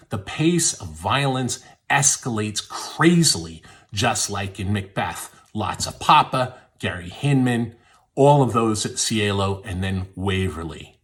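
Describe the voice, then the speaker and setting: A man, a literary scholar, giving a scripted, dramatic narration that often drops to a hush. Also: fairly low pitch. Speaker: literary scholar and podcast contributor.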